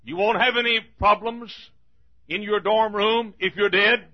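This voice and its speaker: A man preaching a fiery sermon in a church, repeating his lines and rising to shouts. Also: sits high, fairly even intonation, unhurried, lo-fi sound.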